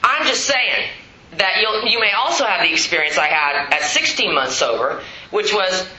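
A woman tells her recovery story at a meeting with blunt, profane, self-mocking humor. Her voice sits at a middle pitch and comes across dull and lo-fi. The roomy hall echoes around her, with steady noise underneath. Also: normal speed. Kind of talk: candid storytelling talk.

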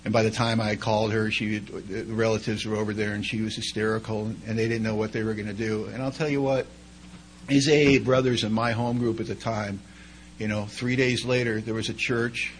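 A man's voice: on the low side, flat delivery, brisk, slight background noise, poor audio. A middle-aged man, telling personal stories in a loose, conversational way as a speaker at a recovery meeting. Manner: conversational, chatty with many asides. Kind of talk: storytelling talk.

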